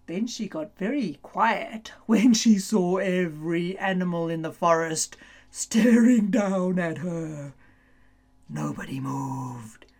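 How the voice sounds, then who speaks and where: Slow, playful woman storyteller. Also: medium pitch. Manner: animated, playful, often laughing and building suspense. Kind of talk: children's storybook narration.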